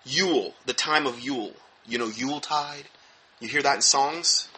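A man preaching in an emphatic, animated teaching style, stressing points sharply and dropping into low mumbled asides. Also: moderate pace. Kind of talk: sermon-style teaching talk.

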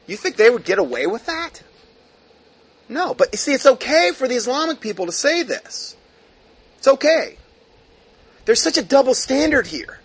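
A man's voice: very high voice, very animated, normal speed, pauses often, slightly rough. A man reading a news article aloud and breaking off into heated, sarcastic commentary, with many fillers. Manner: reads aloud then breaks off into heated asides; frequent fillers and restarts, sarcastic mockery.

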